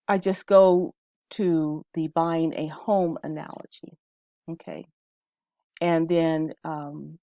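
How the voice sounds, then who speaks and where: Low-voiced woman teaching casually. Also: a little mellow, no echo. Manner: conversational, checks in with "okay?". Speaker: instructor.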